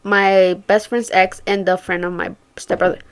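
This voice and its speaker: A woman's voice: medium pitch, little pitch movement, moderate pace, clear, resonant tone. A young woman telling a story to her viewers in casual chat, swearing freely and acting out what her friends said. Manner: chatty, swears a lot, acts out quoted friends. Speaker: vlogger.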